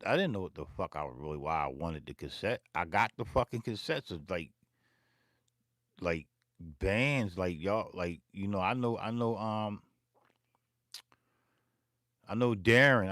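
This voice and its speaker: A man's voice: lowish voice, unhurried, long pauses, fairly bright tone, no echo. A man telling a long, rambling, profane story in his home music studio, repeating himself as he goes. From Philadelphia. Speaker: beatmaker and vlog host. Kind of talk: casual storytelling to camera.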